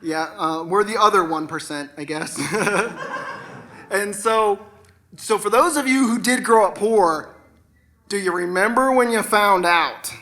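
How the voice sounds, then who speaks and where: A man's voice: high-pitched, unhurried, pauses often, bright, forceful tone. A man in his forties performing a self-deprecating stand-up set on a stage, talking casually and swearing easily. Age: 40s. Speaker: stand-up comedian. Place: stage at an arts center.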